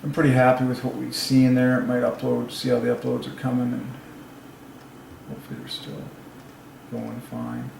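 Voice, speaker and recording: A man hosting his own channel, talking alone in a casual, excited way, musing aloud and laughing to himself, recorded on a lapel mic. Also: medium pitch, moderate pace, gravelly, long pauses, roomy sound, noisy background. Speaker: religious channel host. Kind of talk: solo casual commentary.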